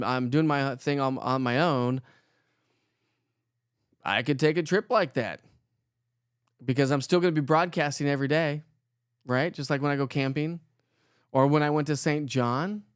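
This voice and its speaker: A man from Colorado hosts a morning weather livestream, chatting casually, reading viewer comments, and greeting people by name in an upbeat, joking way. His mid-range voice is smooth, with studio-quality sound and no room echo.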